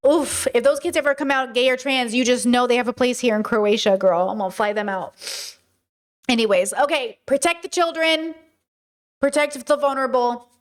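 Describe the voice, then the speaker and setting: High-voiced chatty woman host. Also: a little fast. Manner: chatty, emphatic, talks to viewers as "girl". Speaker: video essay host. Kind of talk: casual commentary to camera.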